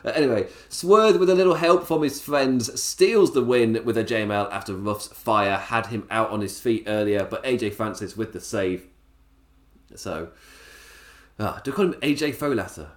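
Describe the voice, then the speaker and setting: A man reviewing a wrestling show in a casual solo podcast, chatty, enthusiastic and quick to laugh. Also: fairly low pitch. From England.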